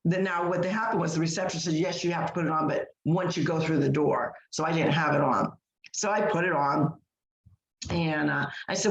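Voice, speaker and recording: A podcast co-host with a low-pitched voice tells a story at a moderate pace in casual conversation. Her delivery is emphatic and full of fillers and restarts. The recording is muffled and echoey.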